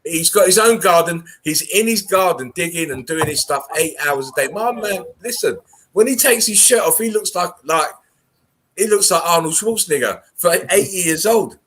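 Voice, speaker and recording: A man's voice: high voice, lively intonation, normal speed, fairly bright tone, a little hiss or hum. A man hosting a casual video call chat, rambling earnestly and swearing freely.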